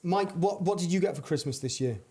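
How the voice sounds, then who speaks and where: A man's voice: sits high, animated, brisk, loud music behind the voice. A young adult man hosting a comedic podcast, reading strange news stories with mock-dramatic delivery. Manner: dramatic storytelling reads, playful banter. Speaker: podcast host.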